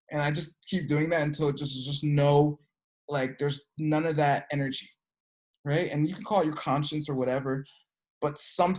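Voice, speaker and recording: This is casual class talk from an energy work teacher: storytelling packed with filler words, where characters get acted out through sudden pitch leaps.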